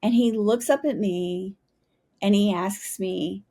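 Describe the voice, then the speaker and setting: Animated woman telling her story. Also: mid-range voice, slow pace. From United States. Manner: animated storyteller, often adds "right?". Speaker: guest, retired Army helicopter pilot. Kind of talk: storytelling interview.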